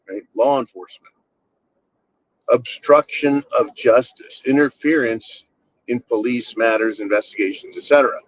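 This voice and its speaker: A man hosts a blunt commentary monologue, sarcastic and full of profanity. His voice sits at an ordinary male pitch. The recording is slightly dull and lo-fi. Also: no room sound. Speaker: channel host.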